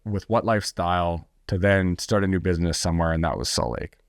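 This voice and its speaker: In a clean studio recording with no room sound, an American man with a low voice talks a little fast as a podcast guest. He tells his story bluntly and intensely, swearing freely and often restarting sentences, in a candid conversational way.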